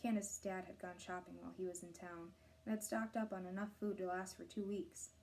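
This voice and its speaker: A woman reading a novel aloud, narrating in a steady, clear storytelling voice. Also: lowish voice, brisk, slight background noise. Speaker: reader of a novel.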